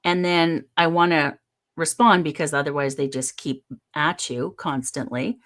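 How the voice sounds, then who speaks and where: A woman from Canada co-hosting a spiritual livestream, chatting casually with an expressive, laughing delivery over a video call. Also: low-pitched, measured pace. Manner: expressive and laughing, with lively shifts in tone.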